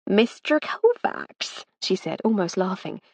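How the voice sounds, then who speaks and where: A woman voicing a nervous young housemaid who hesitates, breaks off and drops to hushed tones in an audiobook. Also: medium pitch, very animated, normal speed, breathy edge, no room sound, pitched above the performer's own voice.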